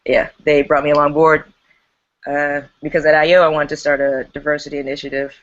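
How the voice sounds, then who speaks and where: A woman's voice: low-pitched, flat delivery, brisk, dull audio. A woman who runs an improv theater, chatting casually and laughing on a video call.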